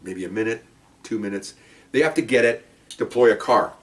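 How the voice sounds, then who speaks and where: A man, a former police officer, telling a story in a casual, animated way and acting out the people in it. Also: on the low side, normal speed, distant mic. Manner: animated, acts out quotes with rising voice.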